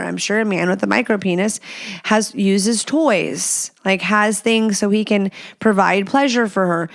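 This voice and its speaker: A woman hosting a podcast, talking in a frank and blunt way as she answers listener questions, swearing freely and using lots of fillers. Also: medium pitch. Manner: chatty with many fillers. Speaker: podcast host.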